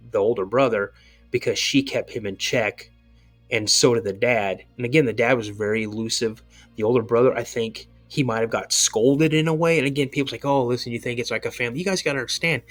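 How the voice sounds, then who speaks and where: An earnest man recounts his own experience as a podcast guest, in a mid-range voice. His telling is casual and rambling, and he circles back over the same words to stress a point. Soft music sits quietly behind him. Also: medium pitch. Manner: earnest, rambling, repeats himself for emphasis. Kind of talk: casual first-person storytelling.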